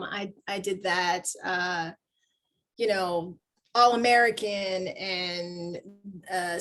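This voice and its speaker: Animated woman telling showbiz stories. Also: mid-range voice. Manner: animated storyteller acting out quoted lines. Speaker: actor guest. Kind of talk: casual interview chat.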